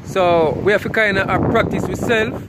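A Jamaican man talks to his camera outdoors while sheltering from rain under a tree. His voice sits high for a man, and his chatter is loose and full of laughs, with faint outdoor noise behind him. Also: fairly even intonation, moderate pace. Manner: chatty, laughs often, restarts words. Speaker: vlogger. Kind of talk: casual vlog talk to camera.

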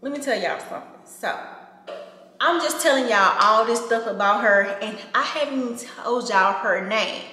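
A woman's voice: fairly high pitch, normal speed, pushed and bright. Earnest woman vlogger in an echoey room. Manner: earnest, emphatic, repeats herself. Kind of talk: casual heartfelt talk to camera. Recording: echoey room with long reverb.

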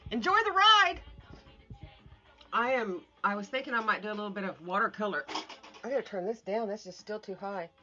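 A woman's voice: medium pitch, fast talker, pushed and bright, soft background music. A woman chatting casually and scattershot on a morning livestream from home, greeting viewers and swearing offhand. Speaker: artist livestreaming. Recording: dull lo-fi phone audio.

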